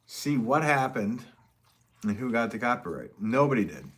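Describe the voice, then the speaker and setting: A man's voice: medium pitch, expressive, normal speed. A man who is a potter, chatting casually with viewers on a live stream, rambling and chuckling often as he reads comments.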